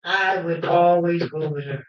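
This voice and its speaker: A woman hosting a livestream, telling personal stories with emphatic fervor that at times rises to shouting. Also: fairly low pitch, fairly even intonation, measured pace. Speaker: livestream host. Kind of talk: fervent personal storytelling. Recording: roomy, dull lo-fi livestream audio.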